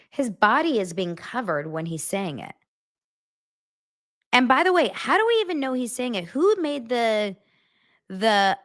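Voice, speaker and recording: This celebrity gossip show host talks casually to her viewers on camera, emphatic and incredulous and prone to repeating herself. Her voice is on the high side, and the recording is dry and studio quality.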